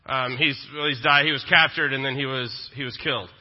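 A man's voice: mid-range voice, fairly even intonation, brisk. A male pastor, preaching a sermon in a conversational style with joking asides. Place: church sanctuary. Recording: dull lo-fi sound with long reverb.

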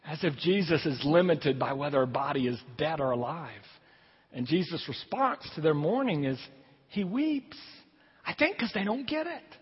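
Lively-pitched preacher in a reverberant church. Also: male voice, normal speed, breathy edge. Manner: conversational preaching, lively rises and drops. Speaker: pastor. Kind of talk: sermon with scripture reading. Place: church sanctuary. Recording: long hall reverb, dull lo-fi sound.

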